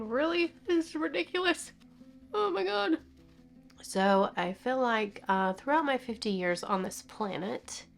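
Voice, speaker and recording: Tearful woman in her fifties, half whispering. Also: on the high side. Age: 50s. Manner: tearful, laughing and crying at once, breaking into whispers. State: teary and sniffling. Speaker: vlogger. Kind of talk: emotional personal vlog.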